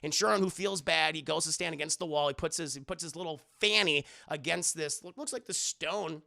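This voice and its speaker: A young male streamer with a gravelly, bright, high-set voice animatedly retells a film to his live chat at a fairly quick pace, switching to a different voice for each character and swearing freely. He's close to the mic in a dry room, with no room sound.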